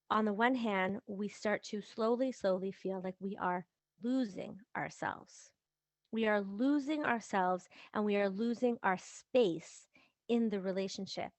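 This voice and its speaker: A woman's voice: mid-range voice, a little slow, no room sound. A woman hosting a podcast as a relationship coach, talking casually and acting out everyday examples in little voices. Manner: lively, acts out quoted examples in little voices. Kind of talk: casual advice talk.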